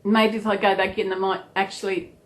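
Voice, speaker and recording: A woman's voice: mid-range voice, flat delivery, brisk. A woman with an Australian accent chatting casually to her subscribers, rambling and repeating her thanks. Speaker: vlogger. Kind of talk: casual chat to camera.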